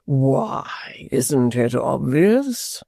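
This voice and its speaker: A man's voice: mid-range voice, sing-song, creaky, warm tone, slightly rough, no room sound, studio quality, full character voice. A man voicing a pompous theatrical actor who drawls his words grandly. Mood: showy. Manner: slow, drawn-out, grandly theatrical.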